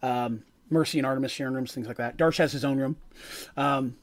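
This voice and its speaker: A man's voice: mid-range voice, steady tone, brisk. A man game master recapping a tabletop game session, rambling with many fillers and asides.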